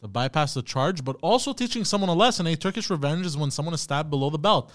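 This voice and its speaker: A man's voice: a little high, animated, fast talker. Hesitant man reading search results aloud. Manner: looks things up and reads them out, hesitant. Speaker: podcast co-host. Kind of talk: casual chat.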